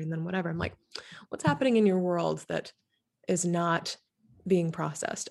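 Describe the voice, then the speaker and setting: Chatty grief therapist woman, lowish voice. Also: vocal fry. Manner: chatty, animated, quick asides and laughter. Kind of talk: casual podcast conversation.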